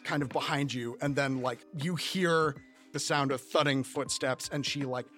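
A man's voice: medium pitch, normal speed, fairly bright tone, faint music behind. A man narrating a tabletop game as game master, in a loose, rambling way full of fillers.

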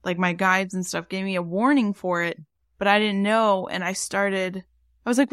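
A woman's voice: mid-range voice, fairly even intonation, moderate pace, a bit bright, clear, resonant tone, no echo, clean studio sound. A woman paranormal investigator and psychic chatting casually, full of fillers and restarts. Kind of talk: casual podcast chat.

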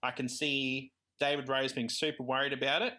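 A man's voice: medium pitch, flat delivery, normal speed, pushed and bright. A man co-hosting a podcast in casual chat, laughing often. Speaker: podcast co-host.

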